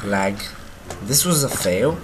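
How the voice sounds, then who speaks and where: Excitable young gamer man, slow talk. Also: fairly low pitch, noisy background. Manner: excitable, swears often, reacts loudly. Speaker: gamer playing the game. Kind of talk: casual gameplay commentary.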